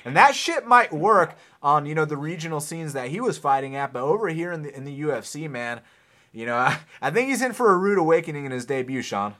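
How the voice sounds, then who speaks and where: A man's voice: fairly high pitch, big pitch swings, brisk, pushed and bright. A man co-hosting a casual chat about fights, laid-back and swearing, laughing often. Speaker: co-host.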